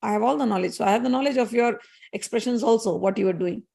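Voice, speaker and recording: Goddess of knowledge, calm turned angry, scolding her husband, as a woman storyteller puts her on. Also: a little high, quick pace, gravelly. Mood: reproachful. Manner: reproachful, accusing.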